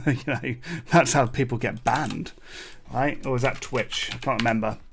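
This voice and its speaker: A man's voice: medium pitch, measured pace, fairly bright tone, slightly rough. Rambling British man live-coding. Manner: thinks aloud, rambling with fillers and asides to chat. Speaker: livestream coding host. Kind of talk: casual live coding commentary. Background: keyboard typing.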